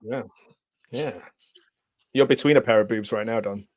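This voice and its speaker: A man hosts a loose live watch-along and rambles through his thoughts between giggles. His voice sits at a mid pitch. It is recorded dry and close. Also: moderate pace, no echo. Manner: giggly, rambling, frequent laughs. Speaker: host. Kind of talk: casual live commentary.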